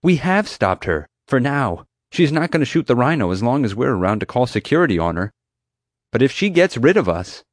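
A man voicing a bold, quick-thinking young girl who calls out urgent, commanding lines. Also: medium pitch, very animated, dry recording, studio quality, pitched above the performer's own voice.

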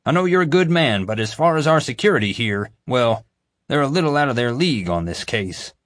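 A man's voice: medium pitch, lively intonation, brisk, no room sound, clean studio sound, voice pushed up, natural voice. A male narrator voicing an angry, blustering boss in an audiobook. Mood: firm. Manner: angry, emphatic. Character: gruff blustering male boss, quick-tempered.

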